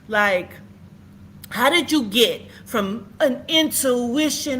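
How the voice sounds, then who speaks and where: A woman's voice: a little high, lively intonation, takes it slowly, a bit bright. A woman livestreaming, commenting in a profane, heated rant.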